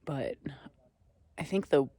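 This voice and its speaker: A man vlogging outdoors at a desert campsite on a ridge, speaking in a slow, earnest, meandering way that sometimes sinks to soft near-whispers. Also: no echo. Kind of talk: reflective spiritual vlog talk.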